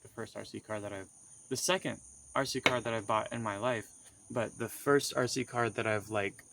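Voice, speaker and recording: A man's voice: lowish voice, gravelly, a bit bright, a little hiss or hum. A young man telling the story of a dream in a casual, rambling way, with many fillers and restarts. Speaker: vlogger recounting a dream.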